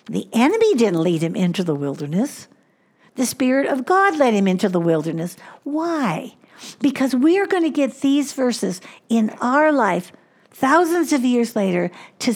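Woman preaching with hushed emphasis. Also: mid-range voice. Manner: slows down for emphasis, drops to a hushed voice on key points. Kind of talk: sermon.

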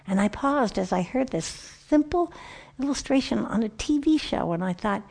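Gravelly-voiced woman teaching the Bible. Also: a little high, normal speed. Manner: lively, animated storytelling with frequent self-corrections.

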